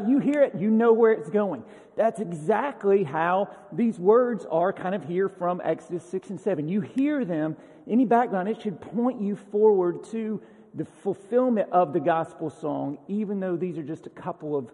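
Man, pastor, casual sermon, emphatic, slightly high voice, long echo of a church hall. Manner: conversational, emphatic, paraphrases scripture in lively voices.

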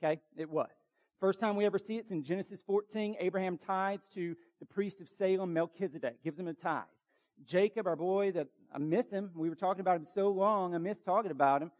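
A man's voice: sits high, darkish tone, highs cut off. Emphatic male pastor preaching. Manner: urgent, emphatic preaching with quick asides. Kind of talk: sermon.

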